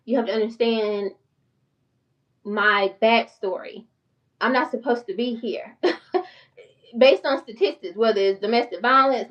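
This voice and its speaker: A middle-aged woman talking casually to her viewers, chatty and candid, laughing often, as a financial coach. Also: fairly high pitch. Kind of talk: casual talk to camera. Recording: dull lo-fi sound from a distance.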